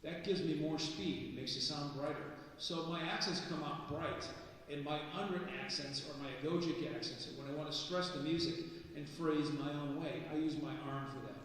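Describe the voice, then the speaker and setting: A man's voice: on the high side, steady tone, moderate pace, distant mic, slight background noise. A man giving a casual live lecture at a percussion clinic, restarting words and asking the audience questions. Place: concert hall stage. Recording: echoey hall recorded from afar.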